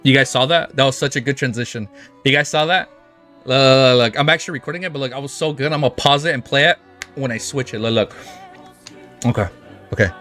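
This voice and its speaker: A man hosting a casual livestream, chatting in an excitable, rambling way and swearing freely. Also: mid-range voice, quick pace. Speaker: livestream host. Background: faint background music.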